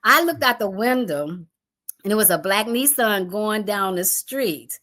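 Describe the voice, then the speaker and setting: A middle-aged woman tells a personal storm story, acting out her family's voices in an animated way. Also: medium pitch, measured pace.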